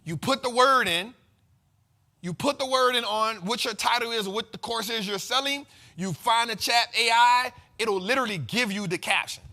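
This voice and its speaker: Male finance host, high bright voice, emphatic slangy delivery with repeated punchlines. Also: moderate pace. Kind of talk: energetic market commentary.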